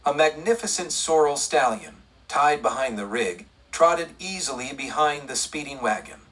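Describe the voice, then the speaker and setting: Husky man narrating a western. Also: fairly high pitch, expressive, moderate pace, fairly bright tone, recorded from a distance, low-quality recording. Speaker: audiobook narrator.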